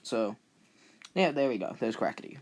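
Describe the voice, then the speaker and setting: A young man hosts his own channel with casual vlog commentary, rambling in a self-deprecating way and often repeating words. His medium-pitched voice is animated and a little mellow, at a normal speed.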